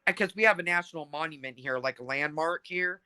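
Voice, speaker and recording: Young woman, animated storyteller, casual chat, bright tone. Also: sits low, a little fast, no echo, poor audio. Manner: animated, acts out quotes. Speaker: podcast co-host.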